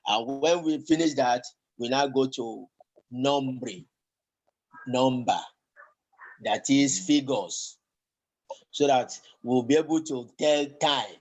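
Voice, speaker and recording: A man teaches a class at a measured, unhurried pace. He keeps stopping on fillers and repeating words as he explains. His voice sits in an ordinary middle pitch for a man. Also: a little mellow, rough recording. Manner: slow, halting, with many fillers and repeated words. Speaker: Yoruba language teacher. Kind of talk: classroom lesson.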